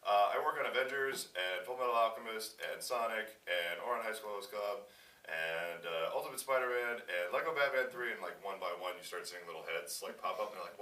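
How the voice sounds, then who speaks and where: A man in his thirties with a low but bright, very lively voice tells stories in an interview. He acts out the people he quotes. The mic is a little distant in an echoey hall with faint noise. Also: fairly quick. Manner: animated storyteller acting out quotes. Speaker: voice actor guest. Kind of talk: casual interview answers. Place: convention event.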